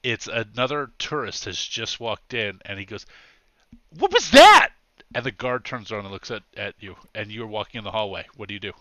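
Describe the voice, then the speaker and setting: A man narrating a tabletop game as game master, lively and joking, often laughing. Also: lowish voice, fairly quick, few pauses, no room sound, lo-fi sound.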